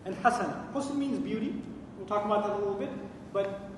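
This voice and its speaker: A man's voice: sits high, brisk, noisy background. A man giving a religious lecture on the Quran, quizzing his listeners with questions and then answering them himself. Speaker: Quran teacher. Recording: echoey hall recording from far off.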